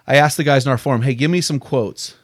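A man hosting a faith-focused podcast interview, enthusiastic and quick to quote authors. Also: medium pitch, husky, no room sound, studio quality. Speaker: podcast host.

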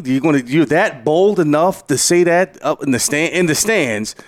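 A middle-aged man, a head coach and former player, telling a story in an interview with lively energy, laughing and acting out quotes loudly. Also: a little high, normal speed, dry recording.

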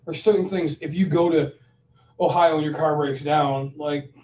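In casual chat on a money podcast, this co-host gives advice through animated stories, performing both ends of phone calls. His fairly high voice moves at a moderate pace; the sound is reverberant, lo-fi and dull from a distant mic, with slight background noise.

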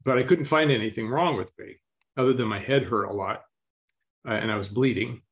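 A man telling a story as an interview guest, speaking slowly and calmly and clearing his throat often. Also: mid-range voice.

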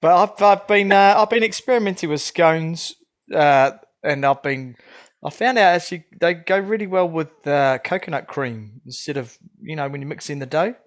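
Chatty man, slightly high voice. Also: moderate pace. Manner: chatty, laughs often, trails off with ums. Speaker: podcast co-host. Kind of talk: casual film chat.

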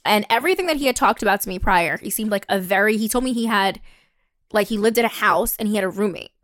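A young woman casually telling a dating story on a podcast, acting out the voices with lively quotes and the occasional swear. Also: fast talker, dry recording, clean studio sound. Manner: animated, acts out quotes with a higher pitch, swears, laughs.

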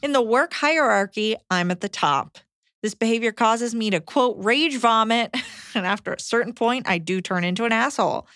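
A woman co-hosting a podcast, reading listener letters aloud in a brisk, blunt way. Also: a little high, a bit bright, no echo, studio quality.

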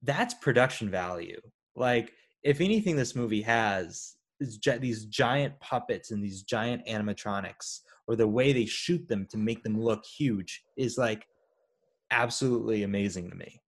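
A man co-hosting a casual chat about a movie, animated and rambling with lots of fillers and restarts. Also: fairly low pitch, normal speed, slightly rough. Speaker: podcast co-host.

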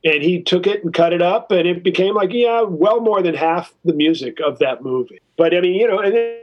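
A man with a fairly high voice tells a story in a relaxed interview, loose and profane, with lots of "you know" and "like". He slips into quick, quoted bits of dialogue as he goes. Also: lo-fi sound. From California. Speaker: guest musician. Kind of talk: casual storytelling.

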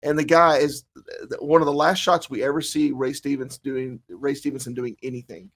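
Animated Southern man co-hosting. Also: mid-range voice, normal speed. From south Alabama. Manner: animated, laughs often, restarts sentences. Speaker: podcast co-host. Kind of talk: casual chat.

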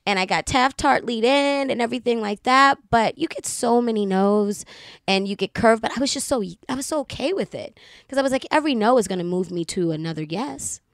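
An actress from Baltimore telling a lively story as a guest on a casual chat show, slipping into the voices of the people she quotes. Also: on the high side, a little fast, dry recording, clean studio sound.

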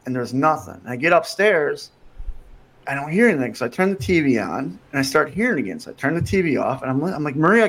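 Man, podcast guest, casual storytelling, acts out quoted lines, lively telling. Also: a little high. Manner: animated storyteller acting out quotes.

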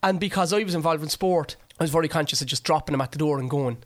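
A man's voice: fairly high pitch, fast talker. A middle-aged Irish man co-hosting a casual podcast, rambling and restarting his sentences. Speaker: podcast co-host. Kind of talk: casual chat.

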